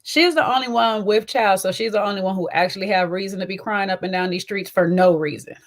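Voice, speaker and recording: A woman's voice: mid-range voice, a little fast. A woman hosting a chatty, sassy reality TV recap, with a slight twang and a habit of tagging her lines with little asides. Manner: chatty and sassy, often tags lines with "okay?" and "child". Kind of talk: casual commentary.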